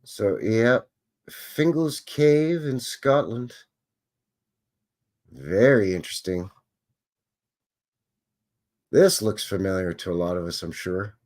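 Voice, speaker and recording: Animated chatty man. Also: lowish voice, slow pace, pauses often. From Canada. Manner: chatty, joking, exclaiming at what he sees. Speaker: host. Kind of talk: casual live commentary on old photos.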